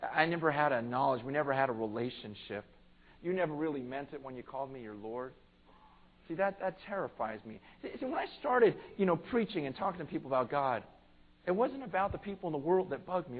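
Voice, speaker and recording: A pastor preaching a conversational sermon in church, earnest and plain-spoken, swelling to emphatic peaks. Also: male voice, on the high side, very animated, fast talker, low-quality recording.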